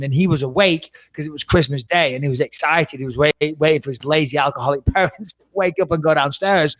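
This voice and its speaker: Middle-aged male podcast co-host, higher voice, animated storyteller, dry close studio sound. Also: no room sound. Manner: animated, swearing, dramatic retelling. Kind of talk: casual storytelling.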